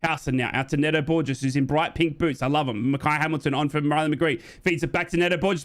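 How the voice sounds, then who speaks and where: An Australian man in his young adult years calls a football match live, reading and answering viewer chat between plays. His voice sits a little high for a man, and it soars up and speeds along whenever an attack gets exciting. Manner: jumps high and fast when excited. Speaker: fan watchalong commentator.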